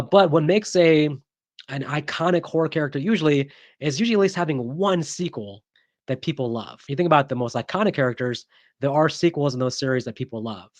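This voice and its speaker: A man's voice: on the high side, dry recording. A man hosting a casual vlog as a horror movie reviewer. He talks in a chatty, opinionated way, with frequent ums and restarts.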